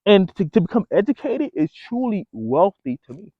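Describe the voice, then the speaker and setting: A man talks straight to his viewers in loose, casual slang and keeps calling them bro and folks. His pitch swings a lot as he tells his story. The sound is dry and narrow, like a phone line. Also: sing-song, normal speed, no echo. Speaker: vlogger.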